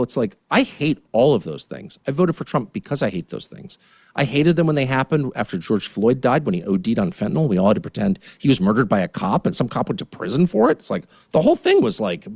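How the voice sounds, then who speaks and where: Indignant, wildly animated man in his fifties. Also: mid-range voice, fairly quick, no room sound, clean studio sound. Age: 50s. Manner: emphatic, indignant, swings from mutters to shouts. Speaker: guest commentator. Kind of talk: heated political rant.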